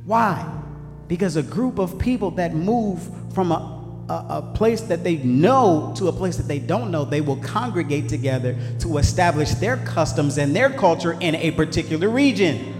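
A man preaching a sermon, swinging between shouted lines and low asides in call-and-response style. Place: church sanctuary. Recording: echoey hall with faint music.

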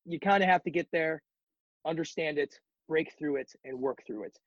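A man's voice: a little high, normal speed, no room sound, dull audio. A man as a podcast guest in casual chat, talking reflectively and encouragingly with many ums.

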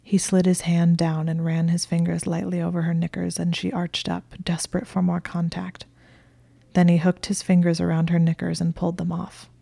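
Woman, soft whispery reading, dark mellow tone, flat even delivery. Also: lowish voice, normal speed, no echo. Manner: soft, often breathy and whispered. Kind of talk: reading fan fiction aloud.

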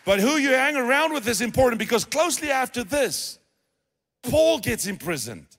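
A man's voice: very high-pitched, very animated, moderate pace, fairly bright tone. A male pastor, preaching a sermon in a conversational, playful storytelling manner. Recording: long reverb of a large hall.

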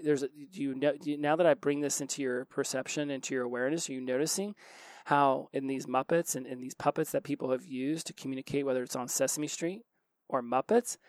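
A man hosts his own self-help podcast, explaining ideas in quick bursts full of restarts. His voice sits in a middle pitch range. The sound is dry and close, with no room echo. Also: darkish tone. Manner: fast-talking, with frequent restarts. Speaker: podcast host.

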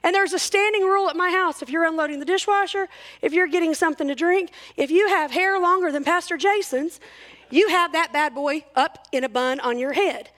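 A woman's voice: extremely high pitch, fairly quick, fairly bright tone. A woman in her forties giving a chatty, self-mocking talk to a church crowd, full of jokes. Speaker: church speaker. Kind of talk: humorous talk at a church service.

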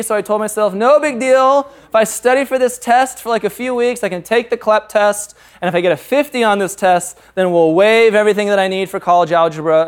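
A man's voice: high-pitched, clear, resonant tone. A man in his thirties, a pastor, preaching a sermon through candid, humorous personal stories. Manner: candid, humorous storytelling with frequent laughs.

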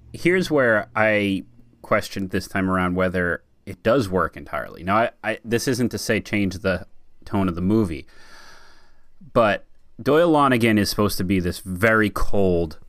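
A man's voice: lowish voice, moderate pace, a bit bright, dry recording, clean studio sound. A man co-hosting a podcast, talking casually with lots of "like" fillers. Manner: chatty, many "like" fillers. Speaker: podcast co-host. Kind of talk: casual film discussion.

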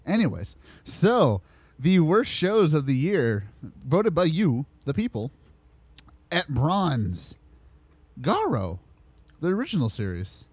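A man hosting a casual podcast, swearing, laughing often and slowing down to announce award results. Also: on the high side, wildly swooping pitch, a little mellow, slightly rough, no echo. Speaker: podcast host.

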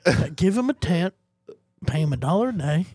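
A man's voice: sits high, very animated, moderate pace, darkish tone, slightly rough, no room sound, studio quality, soft background music. A man co-hosting a podcast, joking and laughing through casual comedic banter. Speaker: podcast co-host.

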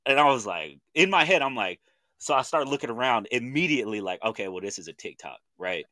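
Fields: Man, 30s, bright Oklahoma voice. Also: medium pitch, a little fast, no room sound. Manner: animated storytelling with slang, acts out quoted voices. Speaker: podcast co-host. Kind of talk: casual chat.

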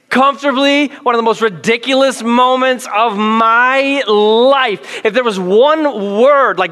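A man who is a pastor, preaching a sermon with animated, self-deprecating storytelling. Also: high-pitched, in a large hall. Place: large church auditorium.

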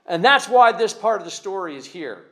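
A man's voice: high-pitched, animated, moderate pace, a bit bright. A man preaching as a pastor, speaking conversationally with repeated words and emphatic rises. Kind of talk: sermon.

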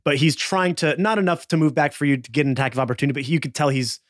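A man with a slightly higher voice runs a tabletop game. He calls out rolls and results and narrates what the enemy does, and his voice sounds dry and close to the mic. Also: racing, no room sound. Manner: calls rolls and describes the action. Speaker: game master.

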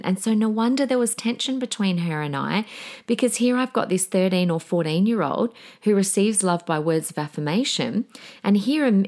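A woman's voice: lowish voice, a little mellow. A middle-aged woman hosting a podcast, talking casually and candidly with fillers and small laughs, acting out her own past thoughts in quoted asides. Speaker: podcast host. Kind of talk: casual solo podcast talk.

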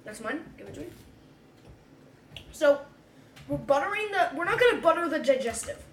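A young woman co-hosts a podcast in relaxed, casual chat. Her voice sits high, and she talks in a giggly, chatty way, quick to sound grossed out. A faint hum of noise runs behind her. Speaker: podcast co-host.

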